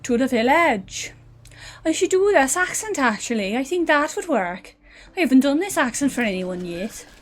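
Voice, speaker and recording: A woman's voice: high-pitched, big pitch swings, moderate pace, faint music behind. A British woman from the UK who streams games as a VTuber, chatting in a playful, joking, rambling way. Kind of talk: casual gameplay commentary.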